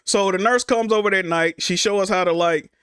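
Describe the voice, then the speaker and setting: High-voiced man telling a story. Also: fairly quick, a bit bright, smooth, no room sound, studio quality. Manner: rambling, restarts and repeats himself, swears freely. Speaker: streamer. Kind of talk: casual personal storytelling.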